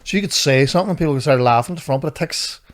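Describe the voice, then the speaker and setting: A man's voice: fairly high pitch, very fast. A man, co-hosting a podcast in casual chat, swearing and defending himself. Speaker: podcast co-host. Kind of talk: casual banter.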